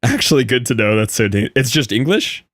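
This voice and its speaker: A young man chats on a stream and tells an animated story, often breaking into laughter. His voice sits at a middle pitch. The sound is close and dry, with no room echo. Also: a little fast. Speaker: Minecraft streamer. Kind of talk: casual live-stream chat with viewers.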